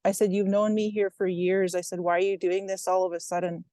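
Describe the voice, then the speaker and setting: A woman recounting a personal incident at length, retelling what was said in a steady, even way. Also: mid-range voice, brisk, dry recording. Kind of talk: first-person account.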